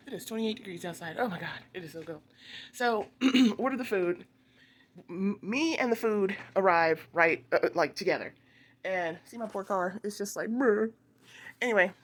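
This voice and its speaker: A woman vlogger telling a long, rambling story in a casual, chatty way, with quick asides and laughter. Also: on the low side, fairly bright tone.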